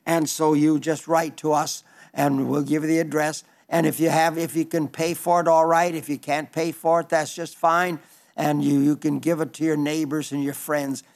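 A man's voice: fairly high pitch, fairly even intonation, normal speed. A man with an Oklahoma accent preaching a broadcast sermon, earnest and emphatic, repeating key phrases and reading out listener letters.

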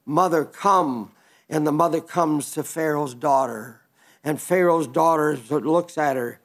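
A male pastor retelling a story in a sermon, earnest, with restarts and slow, emphatic stretches. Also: fairly high pitch.

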